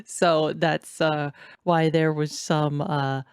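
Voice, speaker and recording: A woman's voice: deep voice, takes it slowly, smooth, no room sound. Laughing woman co-host, dry sound. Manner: laughing, animated, mocking voices in asides. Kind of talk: casual chat.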